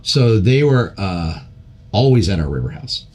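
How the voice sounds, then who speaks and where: An older man, a podcast guest, telling a long story in a casual, animated way, with many repeats and restarts. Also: low voice, measured pace, slight background noise.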